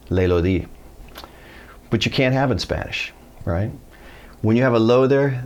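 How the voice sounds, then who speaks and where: Very deep-voiced man teaching Spanish. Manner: animated storytelling, acts out quoted voices. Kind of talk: video lesson.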